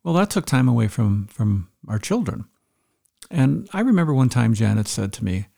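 A man's voice: medium pitch, big pitch swings, moderate pace, creaky, dark tone. A middle-aged man giving an earnest instructional talk, explaining points step by step and repeating the key ones.

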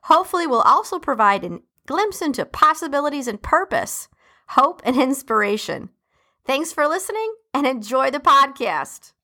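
A woman's voice: sits high, sing-song, moderate pace, sharp tone. A woman with a Midwestern accent hosting a podcast, chatty and upbeat, reading her intro and sponsor message with playful asides. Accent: American Midwestern. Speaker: podcast host.

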